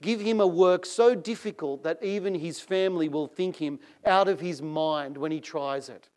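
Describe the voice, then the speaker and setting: A male preacher delivering a sermon, reading passages aloud with measured, dramatic emphasis that swells on key phrases. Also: on the high side, a little mellow.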